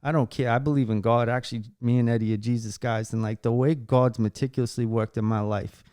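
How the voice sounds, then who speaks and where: A man's voice: medium pitch, steady tone, brisk, darkish tone, no room sound, clean studio sound. A man hosting a casual podcast, telling a heartfelt story in a rambling way, cursing casually and restarting his sentences often. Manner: many fillers and restarts while storytelling. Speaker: podcast host.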